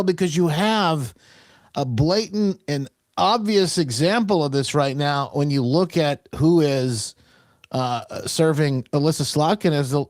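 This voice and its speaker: Fairly high in pitch, this talk show host mocks his targets through opinionated political commentary, animated and riddled with trailing restarts. The sound is studio quality with no room sound.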